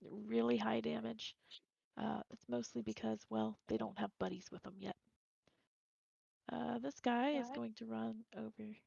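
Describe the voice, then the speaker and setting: A woman with a heavily gravelly, slightly high voice runs a tabletop game as game master. She talks in a loose, casual way and laughs often. The sound is dull and dry, a lo-fi recording with no room around it. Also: steady tone, measured pace, darkish tone, no room sound.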